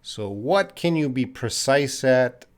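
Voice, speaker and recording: A man from Canada teaching English on a live stream, answering viewers' chat questions patiently and slowly with many pauses. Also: medium pitch, animated. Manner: slow, patient, repeats student names and pauses with uh; drinks tea while talking to the camera.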